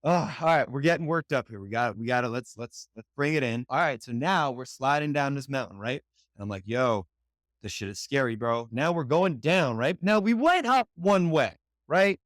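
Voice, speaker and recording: A man from New York City, a podcast guest, excitedly telling a personal story in slangy speech and acting out what he said back then. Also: mid-range voice, moderate pace, no room sound, studio quality. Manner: slangy, excitable, acts out his own past lines.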